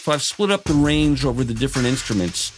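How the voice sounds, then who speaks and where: A man calmly explaining how he builds a cinematic cue in music production software, in a tutorial voice-over. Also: medium pitch, quick pace, a little hiss or hum. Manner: calm, explanatory, technical. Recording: voice over loud background music.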